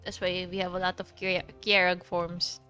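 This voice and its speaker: A Filipino woman with a Filipino accent chats casually while streaming a game, laughing often and swearing freely. Her fairly low voice is level and moderately paced, pushed and bright yet clear and resonant, with soft music in the background.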